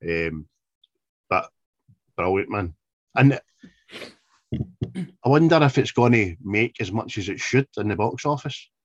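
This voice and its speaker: A man's voice: lowish voice, expressive, slow, pauses often, slightly rough, no echo, lo-fi sound. A man co-hosting a casual film review podcast, laughing often and quoting lines in put-on voices. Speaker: podcast co-host.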